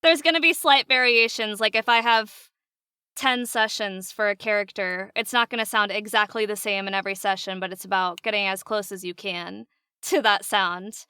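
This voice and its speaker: A woman voice actress chatting as a guest on a podcast, animated and laughing often. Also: mid-range voice, moderate pace, smooth, no room sound, clean studio sound. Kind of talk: casual podcast interview.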